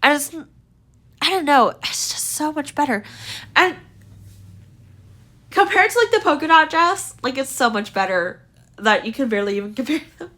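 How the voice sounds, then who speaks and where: Her high-pitched voice is expressive, bright, and forceful at a moderate pace, pausing often. A young woman gaming video creator, she rates outfits casually with lots of rambling and fillers, her voice wearing slightly thin and strained.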